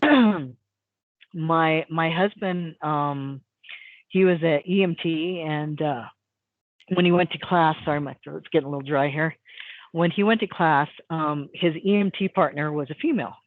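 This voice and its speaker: A woman who works as a hypnotist, telling a story on a call in a rambling, animated way with lots of fillers. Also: low-pitched, unhurried, dry recording. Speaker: guest, hypnotist. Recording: tinny phone line, dry.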